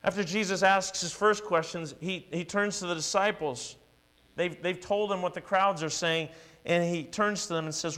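A man's voice: high-pitched, moderate pace, a bit bright. A male pastor preaching a sermon, earnest and emphatic, building repeated declarations.

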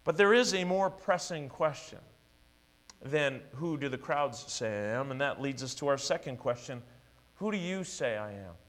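A man's voice: medium pitch, expressive, moderate pace, fairly bright tone. A male pastor preaching a sermon, earnest and emphatic, building repeated declarations.

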